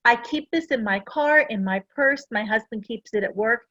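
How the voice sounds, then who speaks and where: A woman's voice: on the high side, moderate pace, bright, forceful tone, no echo. Earnest chatty woman, slightly dull dry sound. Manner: chatty, earnest, full of personal stories. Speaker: essential oils presenter. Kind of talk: casual product talk to a class.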